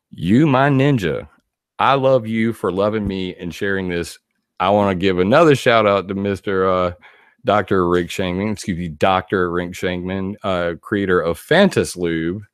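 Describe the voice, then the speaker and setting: A man giving casual commentary on a video, animated and laughing often as he reads quotes aloud. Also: low-pitched, clean tone, no echo, studio quality. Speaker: video blogger.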